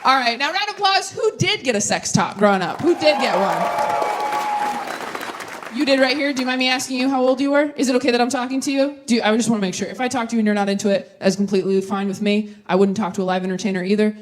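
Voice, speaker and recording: A young woman performing stand-up comedy on stage, animated and self-mocking, with quick asides and crowd work. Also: a little high. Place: live theater stage with audience. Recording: live show, audience laughter and room noise.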